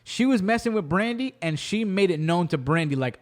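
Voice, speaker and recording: A man's voice: high-pitched, animated, brisk, hardly any pauses. A young man hosting a podcast, animatedly retelling a movie in casual chat and acting out the characters' lines. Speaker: podcast host.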